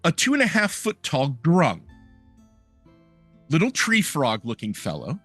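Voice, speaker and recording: A man describing his character in a tabletop game, slow and vividly descriptive. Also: a little high, huge pitch swings, a bit bright, slightly rough, dry recording, faint music behind. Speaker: player.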